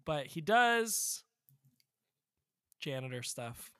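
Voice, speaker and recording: A man's voice: fairly high pitch, sing-song, extremely slow, fairly bright tone, no echo, clean studio sound. A man co-hosting a podcast, summarizing a movie in a rambling, joking way. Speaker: podcast co-host. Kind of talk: casual chat.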